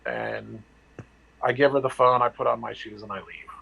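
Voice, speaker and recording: A man's voice: medium pitch, steady tone, gravelly, breathy edge, muffled recording. A man candidly telling a personal story, blunt and profane, acting out the dialogue and restarting his sentences. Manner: halting with restarts and fillers.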